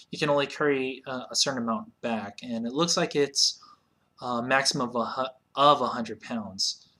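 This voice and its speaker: Chatty bright-voiced man playing a game. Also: mid-range voice. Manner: chatty, with sudden excited shouts. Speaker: let's play host. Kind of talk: casual game commentary.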